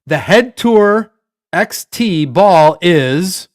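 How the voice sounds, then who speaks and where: A man's voice: high voice, expressive, very slow, dry recording, clean studio sound. A man co-hosting a sports podcast, chatting casually in a rambling, jokey way. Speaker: podcast co-host.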